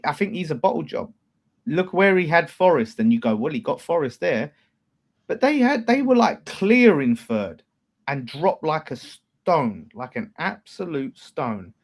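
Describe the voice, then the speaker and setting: Animated man hosting football chat. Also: a little high, measured pace. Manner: animated, swears, shifts loud and quiet. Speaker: fan channel host.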